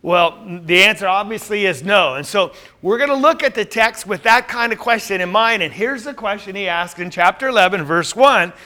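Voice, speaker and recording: A man's voice: high-pitched, normal speed, few pauses, sharp tone. A man teaching a Bible class, quizzing his listeners with questions and then answering them himself.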